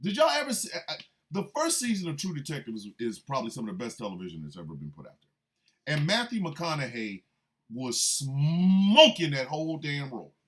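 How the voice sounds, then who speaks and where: A man hosting a radio show, a military veteran, delivering a profane, confrontational monologue that swings from low, menacing threats to shouted outbursts. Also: very animated, fairly quick. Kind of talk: heated monologue rant.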